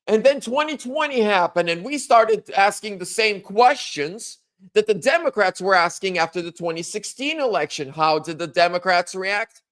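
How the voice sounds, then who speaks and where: A man in his thirties hosting a casual political monologue, animated, acting out quotes in a higher voice. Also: unhurried. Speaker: political commentary host.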